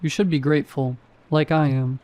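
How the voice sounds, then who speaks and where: A man doing a flat, bored security guard. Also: on the high side, moderate pace, no echo, highs cut off, natural voice. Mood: flat, deadpan. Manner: flat, bored, monotone delivery. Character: apathetic adult male night security guard.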